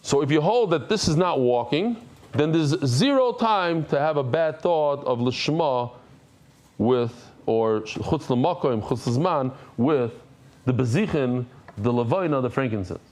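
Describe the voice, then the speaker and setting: A man leads a daily Talmud class in an unhurried, medium-pitched voice. Animated, he repeats phrases, pauses to explain Hebrew and Aramaic terms in English, and tosses joking asides to the class.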